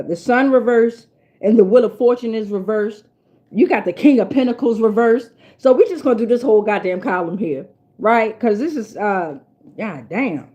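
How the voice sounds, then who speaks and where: A woman's voice: medium pitch, a little mellow. A woman giving a casual spiritual tarot reading in a blunt, profane and preachy way, repeating lines for emphasis. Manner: emphatic, repeats herself for weight. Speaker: tarot reader.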